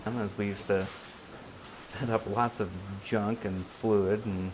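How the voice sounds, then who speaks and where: A man speaking as the subject of a documentary in a measured, deliberate way. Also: fairly low pitch, fairly even intonation, noisy background. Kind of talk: documentary narration.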